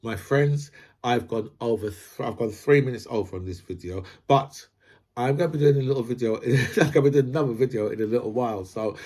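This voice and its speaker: A vlog host with a mid-range, darkish voice speaks fairly quickly in casual commentary. He rambles, builds his points through analogies, and scatters "right?" and "you know" throughout.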